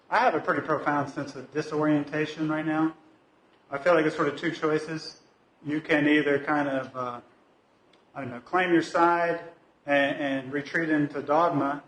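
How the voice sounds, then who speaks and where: Brief: man, slightly high voice, relaxed lay sermon full of "uh"s and self-corrections, echoey church room. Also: a little hiss or hum. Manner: conversational, hesitant, many fillers and restarts. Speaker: lay speaker at a church service. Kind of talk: informal talk from the pulpit. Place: church sanctuary.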